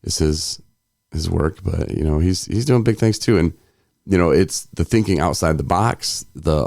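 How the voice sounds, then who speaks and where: A man's voice: deep voice, moderate pace, vocal fry, darkish tone, dry recording, clean studio sound. A man co-hosting a recovery podcast, talking in a rambling way, laughing often and acting out quotes. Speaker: podcast co-host. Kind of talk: casual chat.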